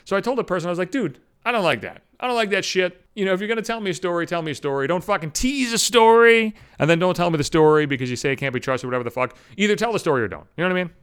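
A man rants alone on his podcast at a rapid clip, his voice sitting high and swinging widely from line to line. He swears heavily and slips into mocking voices when he quotes people. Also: lively intonation, a bit bright, clear, resonant tone. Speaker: podcast host. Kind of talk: profane solo rant.

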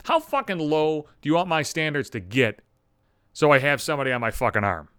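A man's voice: on the high side, animated, a little fast, fairly bright tone, clear, resonant tone, dry recording, studio quality. A man in his thirties from the Buffalo area hosting a podcast, ranting in a profane, exasperated and sarcastic casual monologue. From Buffalo area, USA. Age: 30s. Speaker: podcast host.

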